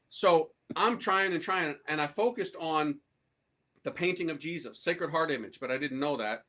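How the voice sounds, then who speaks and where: A priest from the United States tells his conversion story to a live audience in a loose, slangy, animated way. His voice sits a little high for a man and rings bright and forceful. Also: normal speed. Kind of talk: conversion testimony talk to an audience.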